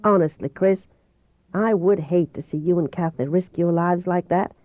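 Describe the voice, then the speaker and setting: A woman reading as a kind male doctor with a soft, melodious voice, a slight Southern accent and a calm, coaxing manner. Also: on the low side, normal speed, dry recording, close to an everyday voice. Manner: calm, coaxing, gently teasing. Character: kind older male doctor, gentle and persuasive. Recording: dull, dry home recording.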